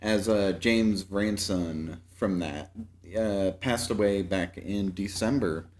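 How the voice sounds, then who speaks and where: A man co-hosting a podcast in casual chat, measured and knowledgeable, steering the conversation. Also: on the low side, darkish tone. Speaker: podcast co-host.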